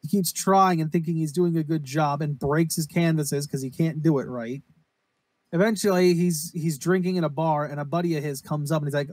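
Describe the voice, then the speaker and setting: A man with a fairly high, slightly mellow voice talks a little fast, with no room sound. As co-host of a casual podcast, he rambles and swears while recapping a horror anime, acting out its quotes.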